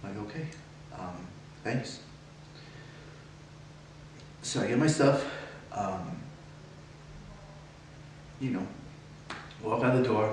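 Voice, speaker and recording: A young man, an acting student, tells a personal monologue, at times quiet, at times agitated and swearing. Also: mid-range voice, a little hiss or hum. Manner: emotional storytelling, swings from quiet to agitated. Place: classroom or studio. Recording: distant mic in very echoey room.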